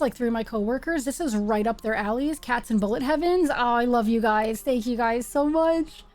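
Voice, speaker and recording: Woman streamer, playful running chatter over a game, higher voice, faint music behind. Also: darkish tone. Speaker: live-stream host. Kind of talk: casual live-stream chat while gaming.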